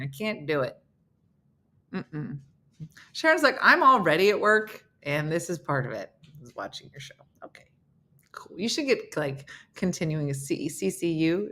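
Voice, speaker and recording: A woman's voice: fairly low pitch, bright, forceful tone. A middle-aged woman with a New Jersey accent, hosting a casual live morning show and chatting with viewers in a self-mocking way.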